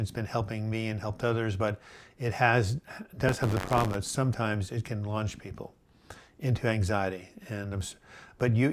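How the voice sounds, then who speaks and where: A middle-aged man with a lowish voice hosts a live chat, reading viewer comments aloud and answering their questions with gentle advice, his speech full of fillers and restarts.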